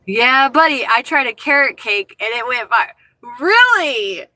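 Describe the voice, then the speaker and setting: A woman chats with her viewers from the driver's seat, expressive and quick to laugh. Her voice is bright, forceful and on the high side, and it sounds dry and close. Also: no echo, faint music behind. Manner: expressive, animated, laughs often. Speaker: livestream host chatting with viewers. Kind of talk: casual livestream chat. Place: inside her car.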